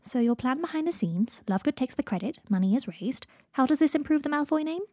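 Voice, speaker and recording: A woman voicing a blunt, sarcastic young woman in a story reading, speaking in a sardonic, deadpan way. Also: high-pitched, fast talker, no room sound, clean studio sound, voice pushed up.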